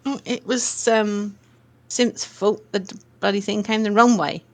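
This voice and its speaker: A woman's voice: medium pitch, steady tone, measured pace. A woman, playing in a tabletop game and bantering dryly with light swearing. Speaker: player. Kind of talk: casual chat over voice call.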